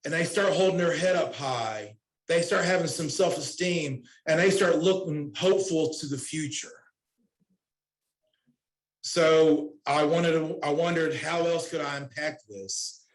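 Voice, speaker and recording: Middle-aged male counselor, conference storyteller, a bit high-pitched, earnest and casual. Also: unhurried, poor audio. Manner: casual and earnest, retells dialogue, repeats himself. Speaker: recovery counselor speaking at a summit. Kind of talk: conference talk, personal storytelling.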